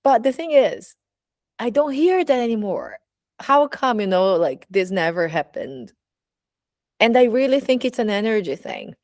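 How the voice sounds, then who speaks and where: A woman's voice: fairly high pitch, expressive, measured pace, darkish tone, no room sound. Candid Brazilian-accented woman, dry sound. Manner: candid, chatty, many "you know, like" fillers. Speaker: burlesque teacher and mentor. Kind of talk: casual personal monologue.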